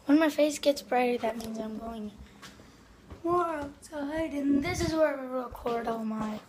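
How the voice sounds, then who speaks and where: A woman from Canada vlogging casually, talking in an excitable, rambling way into a phone on a selfie stick. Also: high-pitched, measured pace, background noise. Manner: rambling, excitable, lots of "like" and "yeah". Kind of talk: casual vlog.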